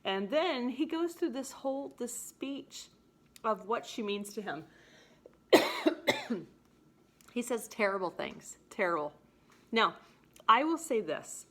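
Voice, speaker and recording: A woman teacher giving a casual lesson, chatty and animated as she paraphrases the scenes in everyday language. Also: on the high side, slow pace, long pauses.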